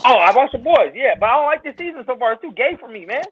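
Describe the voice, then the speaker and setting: A man's voice: very high voice, very animated, fast talker, a little hiss or hum. A man chatting casually as a podcast guest, blunt and emphatic, with frequent cursing. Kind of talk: casual chat. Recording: tinny phone-like line, very dry.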